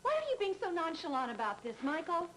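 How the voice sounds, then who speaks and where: A woman's voice: very high-pitched, sing-song, quick pace, a bit bright, exaggerated voice. A frantic young woman. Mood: urgent. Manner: urgent, pleading. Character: anxious young woman desperate to get back. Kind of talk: 1980s TV soap opera acting.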